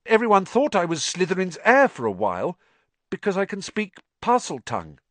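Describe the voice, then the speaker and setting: An anxious young boy wizard, pleading and urgent, his voice pushed up high and loud above the storyteller's own. A man reads him aloud, and the lines run lively and dry, close to the mic. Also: moderate pace, dry recording, full character voice. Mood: earnest, anxious.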